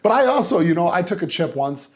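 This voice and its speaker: A man's voice: sits high, fast talker, husky. A man hosting a podcast, talking casually and animatedly, swearing freely and acting out the people in his stories. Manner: animated storyteller, swears freely, acts out quotes. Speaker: podcast host.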